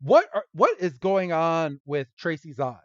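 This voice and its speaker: A man hosting a podcast, recapping a cartoon episode in a casual, giggly, animated way. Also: fairly high pitch, unhurried, dry recording, lo-fi sound. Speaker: podcast host.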